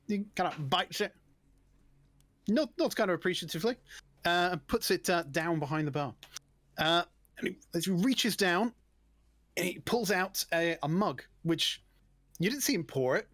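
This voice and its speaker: A man's voice: high voice, moderate pace, long pauses, no echo. Stammering man narrating as game master. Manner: relaxed, stammering restarts.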